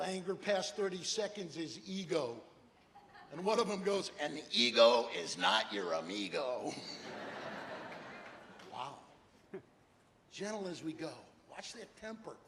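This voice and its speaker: An older man giving a humorous motivational keynote speech, animated storytelling and rhyming slogans. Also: mid-range voice. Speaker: keynote speaker. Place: large hall with an audience. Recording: echoey hall, faint noise.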